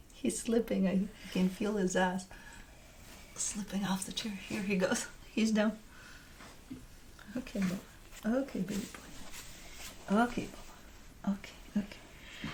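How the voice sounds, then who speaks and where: A woman's voice: mid-range voice, fairly even intonation, a little slow, pauses often, a little mellow, slight background noise. Doting woman cooing to her pets. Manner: doting, laughing baby talk with pets. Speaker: tarot reader host. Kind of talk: casual chat.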